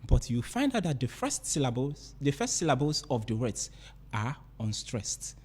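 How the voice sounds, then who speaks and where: A man's voice: medium pitch, big pitch swings, moderate pace, a little mellow, slightly rough. A man teaching a literature lesson, explaining step by step and repeating and rephrasing his points. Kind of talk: explanatory lecture.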